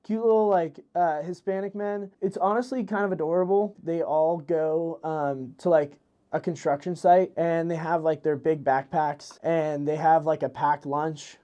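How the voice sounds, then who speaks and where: A man's voice: fairly high pitch, steady tone, a little slow, warm tone, clear, resonant tone. A young man hosting a podcast, rambling through a crude comedic monologue with lots of fillers and restarts. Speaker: podcast host. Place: New York City.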